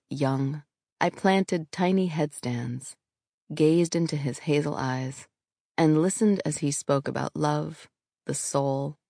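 A woman's voice: low voice, a little mellow, no room sound. A woman from New York reading her own memoir aloud, candid and frank, in a studio. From New York, USA. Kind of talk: audiobook memoir narration.

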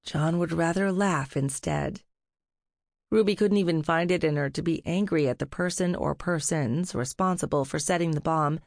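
A woman narrating an audiobook in a measured, somber way. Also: sits low, a little mellow, no room sound, clean studio sound. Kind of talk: scripted narration.

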